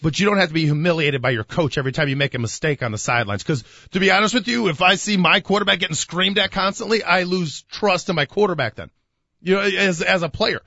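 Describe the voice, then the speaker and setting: Guy cohosting sports talk, bright tense voice, keeps restarting, pushy opinions, dead dry room. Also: high-pitched, fast, gravelly, dry recording, lo-fi sound. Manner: emphatic, opinionated, stammering restarts. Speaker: sports radio co-host.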